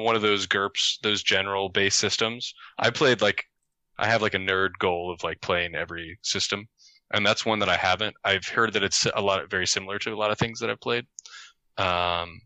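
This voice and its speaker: A man's voice: fairly low pitch, sharp tone, no room sound, poor audio. A man co-hosting a casual live chat show, joking around and rambling through his answers. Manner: jokey, rambling, restarts sentences. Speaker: co-host, game runner.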